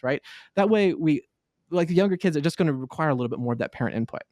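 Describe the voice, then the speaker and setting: A man, a child therapist, talking in a debate about parenting in a measured, probing way. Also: on the high side, a little mellow, no room sound, clean studio sound. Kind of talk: debate talk.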